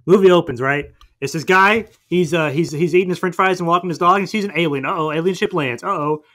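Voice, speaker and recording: A man casually recapping a cartoon movie for laughs, acting out squeaky voices as he goes. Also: quick pace, bright, forceful tone. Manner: goofy, acts out cartoon voices in his retelling. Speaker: podcast co-host.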